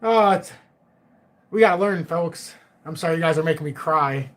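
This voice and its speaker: A man's voice: on the high side, normal speed, fairly bright tone. A middle-aged man hosting a live chat stream, joking, laughing often and swearing casually. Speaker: livestream host.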